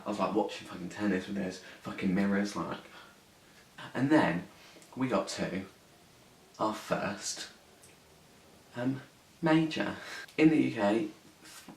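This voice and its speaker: Low gravelly young man ranting. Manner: sweary, indignant, rambling. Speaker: vlogger. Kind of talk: casual storytelling vlog. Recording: echoey room, mic at a distance, faint hiss.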